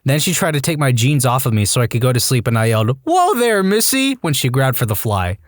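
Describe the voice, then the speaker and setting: A man reading online stories aloud as a scripted narration, animated and given to comic rants. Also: medium pitch, fast talker, no echo, studio quality. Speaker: story narrator.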